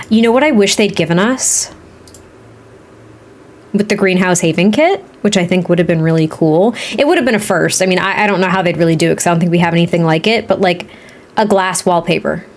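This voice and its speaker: A woman with a Boston accent chatting frankly and thinking out loud while building a house in a life-sim game. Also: on the low side, brisk, long pauses. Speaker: Sims builder streamer. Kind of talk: casual gaming commentary while building.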